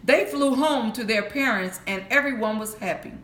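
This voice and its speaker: A woman voicing a gentle young girl in a bedtime story. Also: a little high, normal speed, lightly acted. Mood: reassuring. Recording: echoey room.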